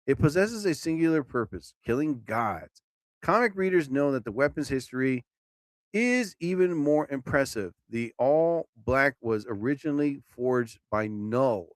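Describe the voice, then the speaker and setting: A man hosting a casual live stream who reads a list aloud and keeps interrupting himself with excited, jokey asides. His voice sits a little high and swings up and down a lot. The sound is close and dry. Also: no echo. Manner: excitable, rambling, jokey, stumbles over words.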